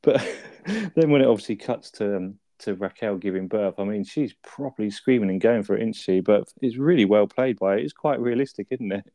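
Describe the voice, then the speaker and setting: A man's voice: lowish voice, brisk, mellow, no echo. A young man co-hosting a casual chat about a sitcom episode, laughing often and acting out quoted lines. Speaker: podcast co-host.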